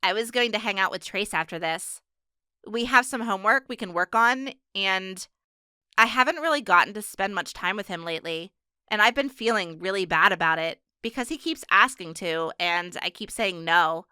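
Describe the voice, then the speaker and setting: A woman voicing a brooding, withdrawn teenage girl in an audiobook, speaking in a subdued, low-key way. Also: moderate pace, pushed and bright, clean tone, no echo, clean studio sound, lightly acted. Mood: careful.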